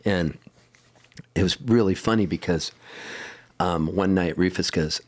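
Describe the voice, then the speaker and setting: Middle-aged guy from san diego telling tour stories, lowish voice, laughs a lot, super animated. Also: a little slow, long pauses. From San Diego, California. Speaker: guest musician. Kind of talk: casual storytelling interview.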